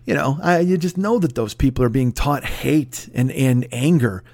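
A man's voice: medium pitch, lively intonation, moderate pace, gravelly, a little mellow. A man hosting a podcast, delivering a profane, digressive comedic rant. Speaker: podcast host.

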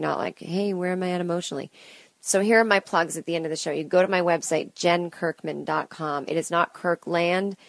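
A woman's voice: lowish voice, vocal fry, dry recording. A woman in her late thirties hosting a solo podcast, rambling and self-deprecating with chatty asides, talking alone at home into a close mic. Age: late 30s. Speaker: podcast host and comedian. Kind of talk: solo stream-of-consciousness podcast. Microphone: close studio mic.

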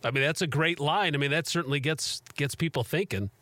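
A man from Chicago hosting a sports radio show, telling stories in an animated, laughing way. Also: a little high, a little fast, no room sound. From Chicago, USA. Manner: animated storyteller, laughs easily. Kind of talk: casual radio chat.

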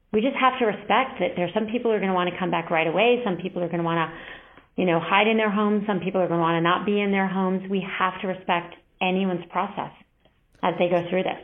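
Earnest woman, phone-like sound. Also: fairly low pitch. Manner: earnest, reflective, measured. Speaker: interview guest. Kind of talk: candid interview talk. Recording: band-limited phone-like sound.

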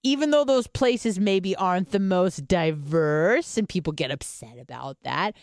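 Candid young woman, smooth dry voice. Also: deep voice, no echo. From United States. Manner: candid, swears freely, lots of fillers. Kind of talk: casual podcast chat.

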